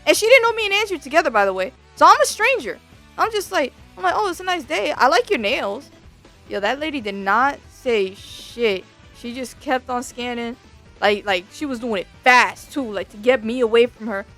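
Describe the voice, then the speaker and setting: A woman's voice: a little high, a little fast, faint music behind. A woman VTuber telling a story in a casual, slangy rant, swearing freely. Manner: animated, slangy, swears a lot.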